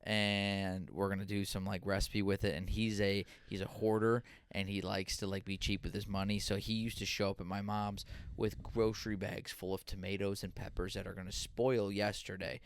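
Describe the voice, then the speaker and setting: Podcast host: young man, smooth clear voice, dry close studio sound, lively storyteller. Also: fairly low pitch, normal speed, dry recording. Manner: animated storytelling, acting out quotes. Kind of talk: casual podcast chat.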